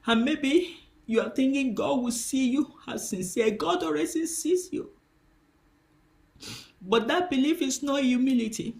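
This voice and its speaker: A woman's voice: high voice, measured pace, vocal fry, darkish tone. A woman preacher giving a spiritual teaching, impassioned and emphatic, repeating her key phrases.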